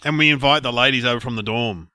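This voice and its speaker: A man's voice: medium pitch, bright, forceful tone, dry recording. A man co-hosting a comedy chat podcast, bantering and riffing on ideas. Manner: quick banter, riffs on ideas. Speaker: podcast co-host.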